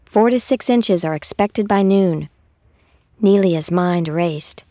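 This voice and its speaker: A woman reading a children's story aloud in a calm, measured way. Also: fairly low pitch, dry recording, clean studio sound. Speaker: narrator.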